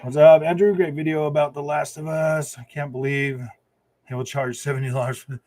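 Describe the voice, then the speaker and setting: A man's voice: a little high, little pitch movement, brisk, a little mellow. A man hosting a gaming livestream, ranting in frustration with lots of stammered restarts while reading chat. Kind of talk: ranting live stream chat.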